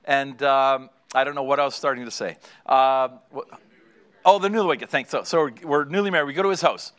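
Speaking a little fast in a clean, fairly bright mid-range voice, a middle-aged male pastor addresses married couples. His sermon runs on storytelling aimed squarely at the congregation, and he laughs at his own tales.

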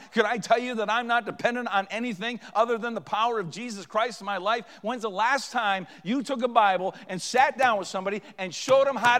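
Middle-aged male pastor, high voice, preaching a sermon in an echoing church. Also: fairly bright tone. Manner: preaching with rising and falling intensity. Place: church sanctuary. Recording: long reverb of a church hall.

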